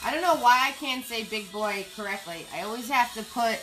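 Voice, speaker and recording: A woman's voice: a little high, animated, fairly quick, sharp tone, soft background music, rough recording. A woman leading a live online painting class, chatty and playful, repeating her cue words in a sing-song way. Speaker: paint party instructor.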